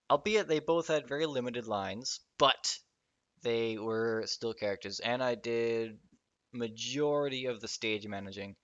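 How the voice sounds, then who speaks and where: A man's voice: mid-range voice, fairly bright tone, no echo. A young man hosting his own podcast, rambling and self-deprecating, swearing casually as he wanders between thoughts. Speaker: podcast host. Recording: dull lo-fi podcast audio.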